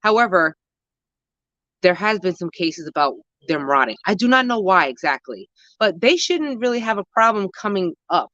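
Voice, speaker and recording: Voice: medium pitch, sing-song, normal speed, bright, forceful tone. A New voice rambling through gardening answers, full of slang and half-finished thoughts that keep getting corrected. The sound is dull and lo-fi, picked up by a handheld phone, and close and dry with no echo to it. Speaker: gardening vlogger answering viewer questions. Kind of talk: casual chat. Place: outdoor home garden. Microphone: handheld phone camera while walking.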